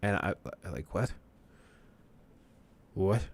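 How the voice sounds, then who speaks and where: A man's voice: deep voice, expressive, takes it slowly, breathy edge. Ranting sarcastic male streamer. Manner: ranting, sarcastic, laughs often. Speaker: livestream host. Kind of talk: casual chat.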